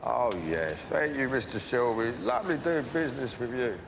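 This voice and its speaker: Menacing gangster, profane and rambling, muffled tv sound with faint hiss. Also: male voice, medium pitch, expressive, moderate pace, gravelly. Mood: smug. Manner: rambling, profane, swings between mumbling and shouting. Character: volatile middle-aged London gangster, rambling and menacing. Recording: muffled series audio, echoey hall, faint hiss.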